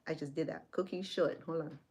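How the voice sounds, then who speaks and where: A woman's voice: sits low, steady tone, a little fast, a little mellow, slight background noise. A woman hosting a casual livestream from home, chatting through a computer walkthrough with many restarts. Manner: chatty, with frequent restarts and fillers. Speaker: livestream host.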